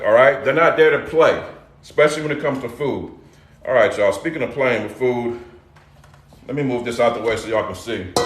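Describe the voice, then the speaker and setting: A man's voice: a little high, echoey room. A middle-aged man hosting a casual live cooking demo, loose and chatty, calling out to his viewers. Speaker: cooking show host. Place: home kitchen.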